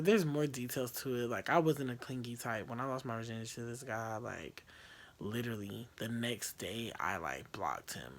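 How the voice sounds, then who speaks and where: Candid young man telling a rambling story. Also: medium pitch. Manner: candid, profane, rambling with fillers. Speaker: vlogger. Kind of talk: casual storytelling.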